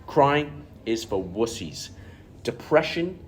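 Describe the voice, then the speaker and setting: A man's voice: medium pitch, big pitch swings, slow, a little hiss or hum. A man playing an arrogant macho male influencer in an amateur comedy skit, ranting bluntly and boastfully. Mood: smug.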